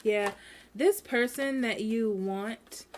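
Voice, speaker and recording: A woman's voice: fairly high pitch, slow, slight background noise. A woman giving a casual tarot reading at home, speaking frankly and repeating herself, often checking in with "okay?". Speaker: tarot reader.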